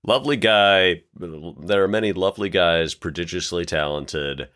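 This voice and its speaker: A man co-hosting a role-playing podcast in casual chat, playful and quick with jokes. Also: low voice, a bit bright. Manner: playful, quips and puts on voices. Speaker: podcast co-host.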